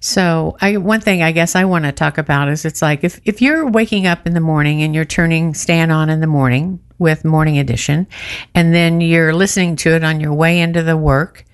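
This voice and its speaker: A woman's voice: sits low, fairly even intonation, normal speed, smooth. A woman who works as a public radio underwriting advisor, making an earnest, friendly on-air fundraising appeal.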